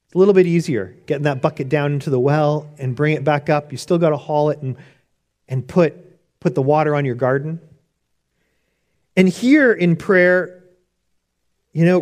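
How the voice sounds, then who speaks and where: A man's voice: a little high, darkish tone. Earnest man preaching a sermon. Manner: earnest, conversational with restarts. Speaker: pastor.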